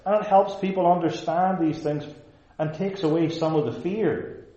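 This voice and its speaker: A man's voice: fairly high pitch, fairly even intonation, mellow, highs cut off. Man preaching in a roomy church. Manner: measured, emphatic preaching with repeated short phrases. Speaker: pastor. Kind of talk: sermon. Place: church service before a live congregation.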